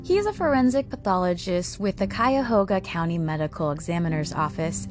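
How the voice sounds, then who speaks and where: A woman hosting a true crime podcast, telling the case in a casual, conversational way with dry, sarcastic asides. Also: medium pitch.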